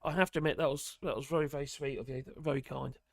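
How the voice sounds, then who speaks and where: A man's voice: mid-range voice, steady tone, quick pace, gravelly, dry recording, clean studio sound. A man hosting a casual live stream, chatting in a rambling way and reading out chat messages while losing his voice.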